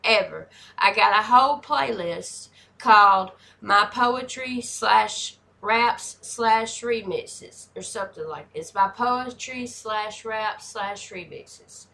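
A woman in her forties hosting a reaction video, chatting casually and hyping things up with excitable energy. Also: medium pitch, slow pace, vocal fry, hardly any pauses. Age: 40s.

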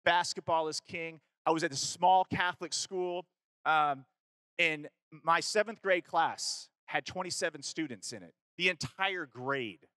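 Speaking at a measured pace with no echo, this Kentucky man has a voice on the high side. He tells a youth audience a personal story in a casual way, full of fillers and self-corrections, and animatedly acts out the dialogue.

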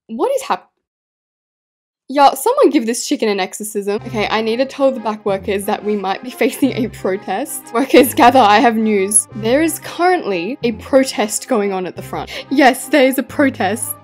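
A woman hosting a casual gameplay video, talking excitably with frequent exclamations and laughter. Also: on the high side. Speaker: game channel host.

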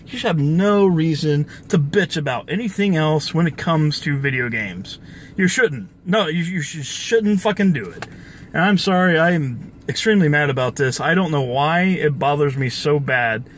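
A man's voice: fairly high pitch, a bit bright, a little hiss or hum. A young man hosting his own gaming channel, ranting angrily about the industry, profane and full of restarts. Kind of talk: ranting video commentary.

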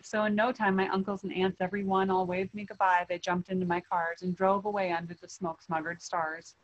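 A woman reading a rhyming children's storybook aloud in an expressive way. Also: fairly low pitch, muffled recording. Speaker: reader.

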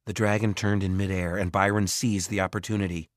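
A man reading a children's fantasy audiobook in a measured, expressive narration. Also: sits low, no echo, clean studio sound. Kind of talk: scripted narration.

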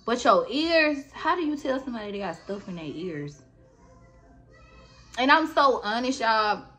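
A woman's voice: a little high, very animated, a little slow, a bit bright, faint music behind. A woman vlogger telling a story casually and bluntly, with plenty of swearing, and talking straight to her viewers. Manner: blunt, profane, talks straight to her audience.

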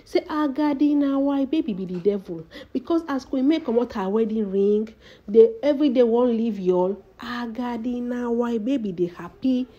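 A woman with a Nigerian Pidgin English accent relays celebrity gossip in a dramatic storyteller's way, calling out to her audience again and again. Her voice is mellow and slightly husky. The recording sounds dull and lo-fi. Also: on the high side, moderate pace. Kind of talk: casual gossip commentary.

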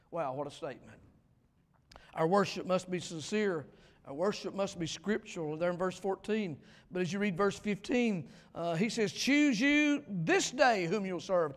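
Male pastor, high voice, revival sermon, emphatic then hushed, long church reverb. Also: moderate pace. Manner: emphatic, swinging between loud declarations and quiet asides. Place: church sanctuary.

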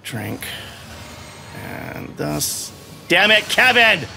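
A man's voice: sits high, very animated, unhurried, over music. Exasperated cursing man narrating his gameplay. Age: middle-aged. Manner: swears often, rambles in broken restarts, exasperated. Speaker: gamer playing while his son coaches. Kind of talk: frustrated live gameplay commentary.

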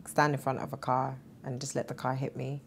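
A woman's voice: rumbling low, a little fast, creaky, a little hiss or hum. A woman, an interview guest who tells her story with feeling, laughing often and acting out the voices of others. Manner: animated, laughs often, acts out quoted voices.

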